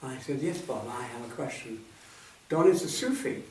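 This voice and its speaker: A man in his seventies shares personal memories at a talk, speaking softly and reflectively and letting his sentences trail off. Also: mid-range voice, expressive, normal speed. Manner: reflective, soft-spoken, trailing off at line ends. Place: meeting hall at a centre. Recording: echoey hall, distant mic, faint noise.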